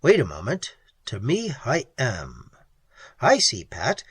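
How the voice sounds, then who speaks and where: Blunt, practical young man explorer, read by a narrator; plain, slightly gruff storybook voice. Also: mid-range voice, huge pitch swings, takes it slowly, a bit bright, dry recording, full character voice. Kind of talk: audiobook character voice.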